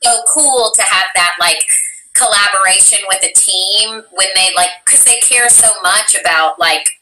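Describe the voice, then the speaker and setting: A woman's voice: mid-range voice, measured pace, slight background noise. A woman from Tennessee with a Tennessee Southern accent, chatting animatedly as an interview guest and leaning on "like" a lot. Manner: chatty and animated, heavy use of "like". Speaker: voice actress guest. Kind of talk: casual interview chat. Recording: echoey room, distant mic, faint music.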